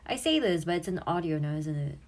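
A woman's voice: on the low side, expressive, brisk. A woman in her twenties, an audio creator and streamer, chatting casually and giggling as she looks back on her old posts, swearing freely.

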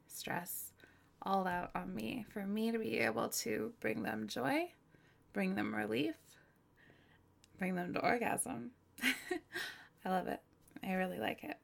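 A woman speaks in a candid, rambling personal monologue with heavy vocal fry and a gravelly texture. She talks unhurriedly, giggling often and slipping into soft half-whispers. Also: mid-range voice.

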